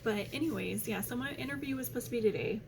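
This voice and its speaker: At home, a young woman vlogger chats casually to camera, rambling with lots of fillers while her nose runs. Her voice is a little high, she talks fast, and the background is noisy.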